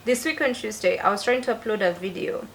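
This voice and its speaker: A woman's voice: a little high, fast talker, vocal fry. A young woman, chatting casually and expressively to camera in a home vlog. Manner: chatty and expressive, with animated asides. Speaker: lifestyle vlogger.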